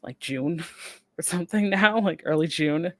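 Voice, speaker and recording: A woman's voice: lowish voice, measured pace, fairly bright tone, dry recording. Upbeat woman podcast host, dry sound. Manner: upbeat and gushing, often laughing. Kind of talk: casual podcast chat.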